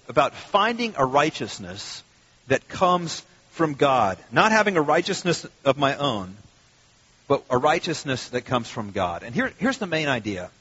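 Middle-aged male pastor, fairly high husky voice, lively sermon delivery, dull lo-fi recording. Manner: animated, conversational preaching with sudden loud mock outbursts.

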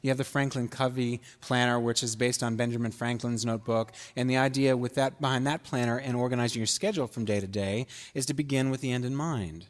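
A pastor delivers a sermon in a relaxed, conversational style, his voice at an ordinary middle pitch with fairly even intonation. He speaks fast with few pauses, poses questions to the congregation, and acts out little dialogues, while a long hall reverb trails his words.

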